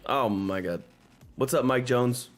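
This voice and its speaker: A man hosting a live stock market stream, talking excitedly and in exasperation, repeating himself and swearing into a desk microphone. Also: medium pitch, unhurried, soft background music. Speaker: stock market livestream host.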